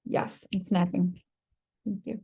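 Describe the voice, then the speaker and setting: A woman's voice: lowish voice, steady tone, takes it slowly, gravelly, mellow, slightly rough. A woman leading an online workshop on a video call, encouraging participants and reading their chat messages aloud. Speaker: workshop presenter.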